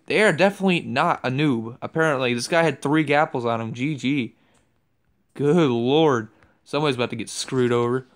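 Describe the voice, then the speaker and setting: A young man giving excitable commentary over a game he is playing, trash-talking opponents. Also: mid-range voice. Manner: excitable, yelps and trash-talks. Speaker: gaming YouTuber.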